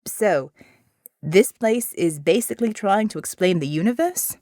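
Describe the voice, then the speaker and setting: A woman voicing a wry, easygoing man, an action-hero partner in an audiobook, speaking slowly. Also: mid-range voice, lively intonation, mellow, no echo, clean studio sound, close to an everyday voice. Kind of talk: audiobook character voice.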